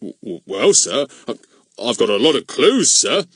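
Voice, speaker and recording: A man's voice: lowish voice, lively intonation, unhurried, bright, forceful tone, slightly rough, no room sound, studio quality, full character voice. A man voicing a blustering, pompous middle-aged village policeman who stammers when flustered, in an audiobook. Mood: stammering.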